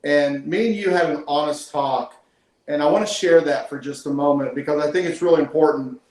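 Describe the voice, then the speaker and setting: A man's voice: on the high side, a little fast, a little mellow. Earnest man in an echoey room. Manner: emotional, earnest, praising. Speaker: team leader hosting a call. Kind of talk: heartfelt conversational interview. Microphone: call audio.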